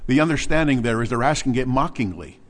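A man teaching a Bible passage verse by verse, animated, restarting words and often asking his listeners questions. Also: mid-range voice, fast.

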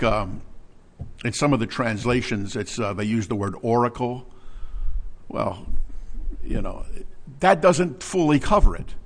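A man teaching a Bible passage verse by verse, animated, restarting words and often asking his listeners questions. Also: medium pitch.

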